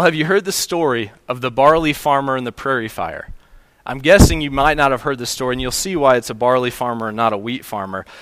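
A man's voice: medium pitch, a bit bright, dry recording. A male pastor preaching a sermon, telling a story in a conversational way with small restarts.

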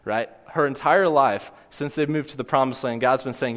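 A man's voice: mid-range voice, normal speed, a bit bright. Earnest male pastor in a reverberant hall. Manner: earnest, asks the listeners direct questions and repeats key points. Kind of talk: sermon.

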